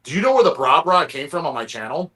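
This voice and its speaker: Male stream host, husky and a bit high, rambles with restarts and swearing. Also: very animated, fast, fairly bright tone. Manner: rambling, profane, stumbling restarts. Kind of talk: casual chat on a live stream.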